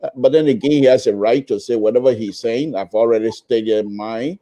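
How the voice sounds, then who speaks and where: A man's voice: medium pitch, moderate pace, mellow. A man on a radio panel, speaking candidly.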